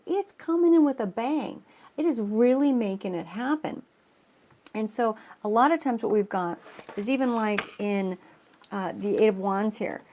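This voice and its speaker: A woman's voice: mid-range voice, darkish tone. A woman tarot reader explaining astrology in a casual, rambling way, with many restarts and an earnest tone. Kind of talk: casual spoken astrology reading.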